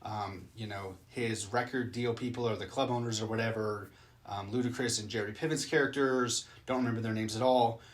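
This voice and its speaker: A man's voice: fairly low pitch, steady tone, fairly quick. A man recapping a movie he just watched and reacting to it in casual chat, loose and rambling, with plenty of swearing.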